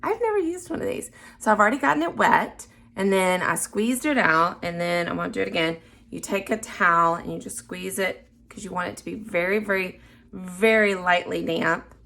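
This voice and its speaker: Chatty woman with a gravelly voice, murmuring through a makeup tutorial. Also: lowish voice, moderate pace. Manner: chatty, self-narrating, unsure of herself; drops to soft murmurs while concentrating. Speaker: beginner makeup vlogger. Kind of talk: casual first-time makeup tutorial.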